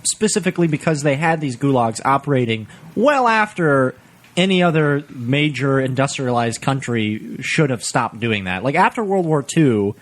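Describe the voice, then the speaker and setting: This is a man hosting a loose, jokey podcast, with a middle-pitched voice. He laughs easily and explains things at length in a lively, animated way. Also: normal speed. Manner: animated, laughs often, talks in long explanations. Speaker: podcast host. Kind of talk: casual comedy podcast chat.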